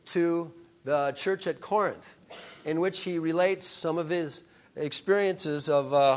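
A man preaching a sermon, telling stories with frequent halting restarts. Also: on the high side. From Upper Midwest of the USA. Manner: halting storytelling with many restarts. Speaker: pastor.

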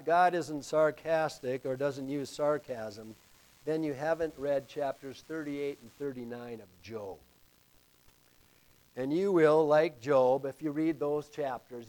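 Male pastor, slow and emphatic sermon delivery, slightly high voice. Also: darkish tone. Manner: slow, emphatic preaching with dramatic rises.

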